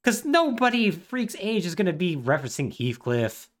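A man's voice: high-pitched, big pitch swings, normal speed. Sarcastic podcast guy recapping a game story, voice jumps all over. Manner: sarcastic and wry, acts out the characters' dialogue. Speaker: podcast co-host. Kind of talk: casual chat recapping a video game plot.

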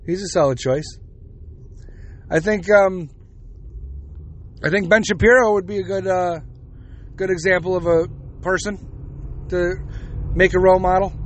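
A man's voice: sits high, fairly even intonation, measured pace, pauses often, a little hiss or hum. A man in his forties hosting a podcast, ranting bluntly with plenty of swearing. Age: 40s. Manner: profane, blunt, heated. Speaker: podcast host. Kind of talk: opinionated podcast rant.

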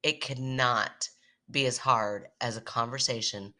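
A woman in her thirties co-hosting a podcast, chatting casually and telling stories in an animated way. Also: rumbling low, a little slow. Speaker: podcast co-host. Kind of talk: casual chat.

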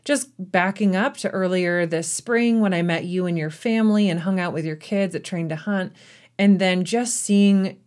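Lower-voiced woman host, reflective. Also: moderate pace. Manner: warmly emotional, reflective. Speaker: podcast host. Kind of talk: casual interview.

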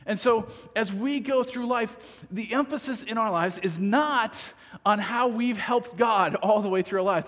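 A man's voice: high voice, moderate pace. Man preaching in an echoing hall. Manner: animated, acts out voices, laughs at himself. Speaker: pastor. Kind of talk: sermon.

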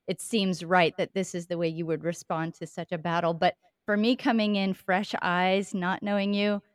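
Host, female, lowish voice, effusive praise, dry close mic. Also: little pitch movement, normal speed, clean tone, no echo. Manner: effusive and affirming. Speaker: podcast host. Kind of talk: casual podcast interview.

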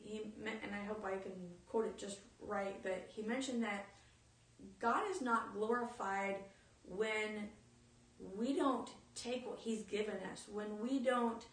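A woman's voice: medium pitch, steady tone, slow, a bit bright. A woman giving an informal sermon, earnest and storytelling. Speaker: speaker in a teaching talk. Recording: echoey room, mic at a distance.

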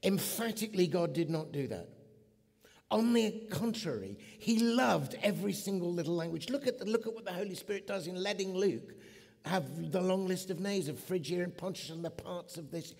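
A middle-aged man from England giving an animated sermon as a guest preacher, building to emphatic peaks. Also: high voice, normal speed, vocal fry. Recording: long hall reverb.

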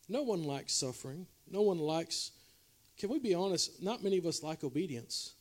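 A man preaching a revival sermon as a pastor, swinging between loud exhortation and quiet, confessional asides to the congregation. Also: animated, normal speed. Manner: preaching with shifting loudness, from shouting highs to quiet confessional lows. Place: church revival service.

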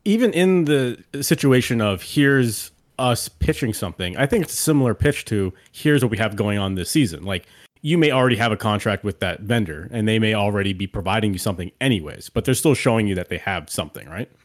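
A man's voice: on the low side, animated, brisk. A man co-hosting a podcast in casual chat, laid-back and chiming in with quips. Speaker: podcast co-host.

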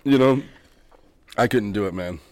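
A man's voice: on the low side, moderate pace, a little mellow. A man co-hosting a podcast, cracking jokes and laughing between a guest's lines. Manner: joking, laughing interjections. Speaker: podcast co-host. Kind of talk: casual banter. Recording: noisy recording.

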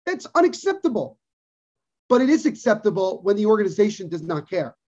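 A man's voice: sits high, lively intonation, fast talker, mellow. A man co-hosting a podcast, ranting emphatically about sports and repeating his points for stress. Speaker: podcast co-host. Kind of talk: casual sports talk, opinionated rant. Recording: dull lo-fi podcast audio.

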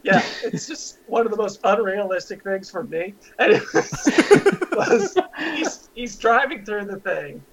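A high-voiced man with a gravelly edge, chatting and giggling as he picks at details. The recording sounds muffled and lo-fi. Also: sing-song, measured pace, a bit bright. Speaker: podcast co-host. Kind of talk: casual chat.

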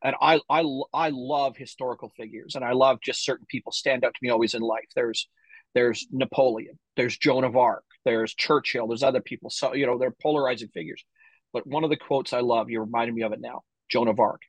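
A man's voice: mid-range voice, fairly even intonation, a little fast, husky, dry recording, low-quality recording. A man hosting a podcast interview, casual and emphatic, chiming in with short reactions. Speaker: podcast host.

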